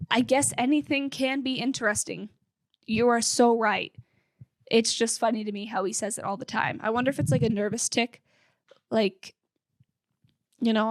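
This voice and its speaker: A young woman hosts a fan podcast in a bright, fairly high voice, chatting casually with an upbeat, filler-heavy flow. Her sound is dry and close, with little room around it. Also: no echo. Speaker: podcast host.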